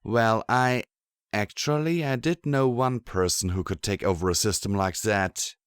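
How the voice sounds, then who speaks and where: A man voicing a scrappy young mare pony, a blunt wasteland survivor who is quick to shout and grin, in an audiobook. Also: lowish voice, smooth, no echo, studio quality, lightly acted. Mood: eager. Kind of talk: audiobook character voice.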